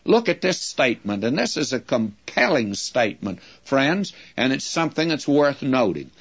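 A man gives a sermon-style Bible lesson in a measured, explaining way, calling his listeners friends. His voice sits at a middle pitch. The recording is dull and lo-fi. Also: big pitch swings, breathy edge. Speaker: Bible teacher.

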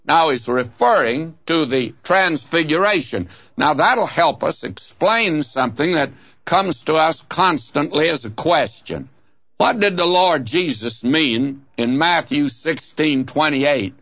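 A man teaching the Bible on an older radio broadcast, his voice bright and forceful and a little high. He explains the passage in an earnest, folksy way. The sound is dry and muffled, a little lo-fi. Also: animated, measured pace, no echo. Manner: folksy, earnest expository preaching, addresses listener as "my friend". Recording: dull, lo-fi dry radio recording.

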